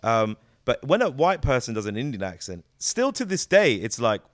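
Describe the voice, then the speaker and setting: A man, a comedian giving a casual interview, animated and jokey, swearing freely and slipping into quick character voices. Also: mid-range voice, no room sound. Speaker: comedian and actor, guest.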